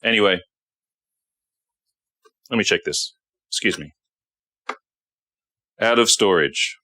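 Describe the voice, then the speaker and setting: A man's voice: lowish voice, takes it slowly, pushed and bright, no echo. A man, a guitar technician, giving a blunt workshop tutorial and often checking in with "okay". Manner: blunt, repeats himself, says okay often.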